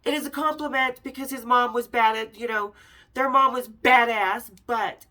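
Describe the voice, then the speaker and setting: A woman's voice: a little high, fairly even intonation, normal speed, sharp tone. A middle-aged woman from Las Vegas hosting a podcast, telling a personal story candidly with swearing and acted-out dialogue. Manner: candid and profane, acting out quoted dialogue. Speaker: podcast host.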